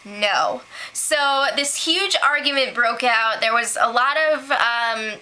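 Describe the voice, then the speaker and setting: Bright, high-voiced woman giving a sarcastic recap. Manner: sarcastic, giggly, quick asides. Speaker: host recapping a reality show. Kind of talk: casual chatty recap.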